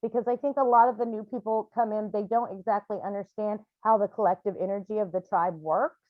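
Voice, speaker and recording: A woman's voice: mid-range voice, no echo, phone-quality sound. A woman leading a healing group on a video call, talking in a candid, chatty way with frequent ums and restarts. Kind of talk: casual talk on a video call.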